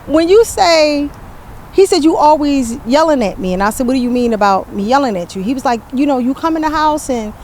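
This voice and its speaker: An older woman hosting a podcast, telling a story with lively reenacted quotes and many restarts. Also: high voice, brisk, a little hiss or hum. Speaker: podcast host. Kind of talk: candid podcast conversation.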